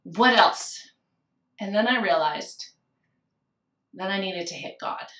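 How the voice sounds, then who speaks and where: A middle-aged woman, a podcast guest, telling a personal story candidly and with emotion, slowing down and laughing softly at times. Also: medium pitch, roomy sound, distant mic. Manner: candid and emotional, with soft laughs and slowed phrases.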